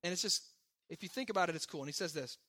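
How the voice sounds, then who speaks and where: Preaching a sermon in a high, strikingly bright voice, a pastor speaks conversationally and emphatically. He throws quick asides to his listeners.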